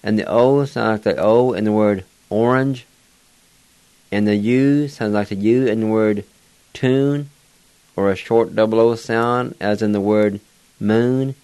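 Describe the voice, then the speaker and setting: A man teaching words in a slow, deliberate lesson, spelling them out letter by letter. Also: fairly low pitch, darkish tone, clean tone, dry recording. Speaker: language teacher.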